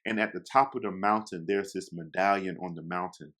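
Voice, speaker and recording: Speaking fairly quickly, a young man with a somewhat low voice tells a casual story. He's chatty and animated, slipping into quoted lines and addressing his listeners directly.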